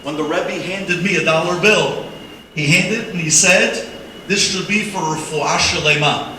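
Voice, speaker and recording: A man's voice: fairly high pitch, unhurried, pushed and bright. A man voicing a kind young rabbi who speaks earnestly, recorded from far off in an echoey hall with background noise. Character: young kind male rabbi, apologetic and warm.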